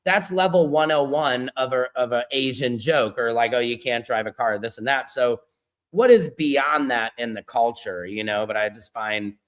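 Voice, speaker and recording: A man's voice: mid-range voice, moderate pace. A male podcast host on a video call, thinking aloud in a loose, rambling way with many fillers. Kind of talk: casual podcast chat.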